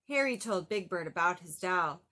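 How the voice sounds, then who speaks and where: A woman reading a children's picture book aloud in an animated, sing-song way. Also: fairly low pitch, normal speed. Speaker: storybook reader.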